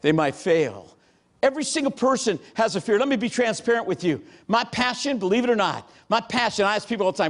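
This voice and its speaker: Man, motivational keynote speaker, punchy storytelling with shouted bursts, high voice. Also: quick pace. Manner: animated, punchy, bursts into shouts and acted-out quotes. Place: large hall before a live audience.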